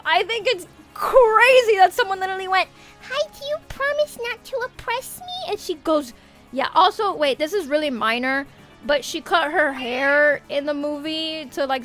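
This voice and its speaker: Very high-voiced woman ranting on stream. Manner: animated ranting with frequent swearing; laughs often. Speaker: VTuber streamer. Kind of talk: casual livestream chat.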